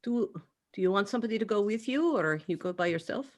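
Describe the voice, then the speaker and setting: Player, woman, lively swinging pitch, casual. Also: quick pace. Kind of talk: casual tabletop play.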